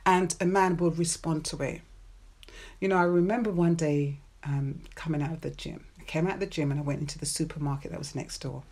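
A woman's voice: low-pitched, steady tone, a little mellow. A woman hosting a podcast, giving relationship advice in a playful, chatty monologue with personal stories and frequent laughs. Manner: playful, chatty, laughs often, drawn-out stressed words.

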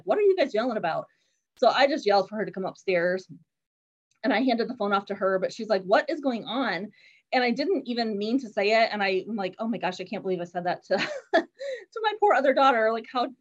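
A middle-aged woman telling an earnest personal faith testimony in steady storytelling. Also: medium pitch, highs cut off. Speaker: guest sharing a testimony.

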